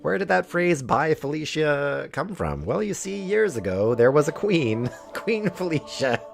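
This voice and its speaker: Animated male streamer, music behind. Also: a little high, a little slow, vocal fry. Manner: animated, laughing often, playful. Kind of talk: let's play commentary, reading game text aloud.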